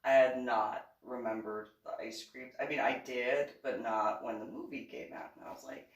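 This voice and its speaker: A woman's voice: rumbling low, normal speed, hardly any pauses. A middle-aged woman telling a personal story in a casual, chatty and amused way. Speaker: YouTube channel host. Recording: echoey room, distant mic.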